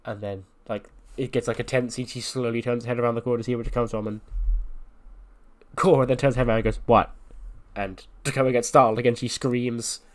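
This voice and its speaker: An ill man, sounding under the weather, casually recaps storylines from a wrestling simulation game. His delivery is loose and full of fillers, and his pitch sits mid-range. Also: steady tone, fast talker. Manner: casual, filler-heavy retelling. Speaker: game commentator.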